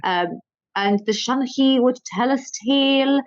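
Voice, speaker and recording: A woman's voice: sits high, measured pace, dry recording. Chatty Irish woman, muffled dry sound. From Ireland. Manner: rambling, anecdotal, self-deprecating. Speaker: stand-up comedian guest. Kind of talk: casual interview chat.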